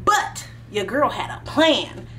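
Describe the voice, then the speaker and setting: Casual young woman vlogger, very lively up and down voice, sing-songy and slangy. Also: a little high, slow pace, slight background noise. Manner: animated, sing-song, slangy. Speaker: prank vlog host. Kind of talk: casual vlog and prank. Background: loud background music.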